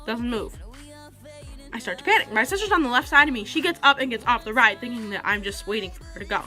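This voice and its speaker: A woman's voice: on the high side, lively intonation, quick pace, bright, forceful tone, faint music behind. A teenage girl telling a story to camera in a rambling, chatty way, full of "like.". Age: teenager, about 16. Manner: chatty, rambling, heavy use of "like". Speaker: vlogger.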